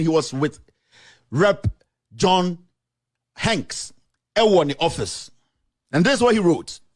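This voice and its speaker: A man talks straight to his audience in emphatic commentary, his fairly high voice rising and falling widely. He repeats his points for force and slips local phrases in between the English. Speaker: journalist and show host.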